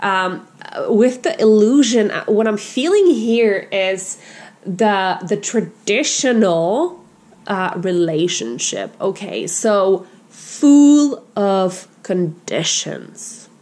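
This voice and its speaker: A woman's voice: medium pitch, big pitch swings, slow pace, darkish tone. A woman giving a casual tarot reading to her viewers, gushing and repetitive and often calling them you guys. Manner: frequent fillers and restarts, addresses viewers as you guys. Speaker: tarot reader.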